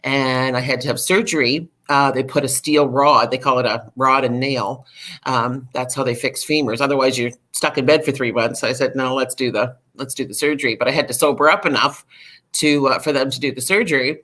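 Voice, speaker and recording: A middle-aged woman, a podcast guest, candidly telling a personal recovery story in an animated way, full of fillers. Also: very deep voice, a little fast.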